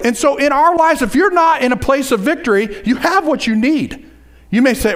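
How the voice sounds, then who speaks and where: A man preaching a sermon, lively, with asides and repeated phrases. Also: very high voice, normal speed. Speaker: pastor.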